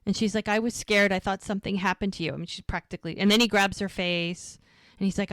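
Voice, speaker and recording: A woman's voice: medium pitch, steady tone, fast, fairly bright tone, dry recording, studio quality. A woman co-hosting a casual rewatch podcast, recapping episode scenes and acting out the dialogue. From United States. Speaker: podcast co-host.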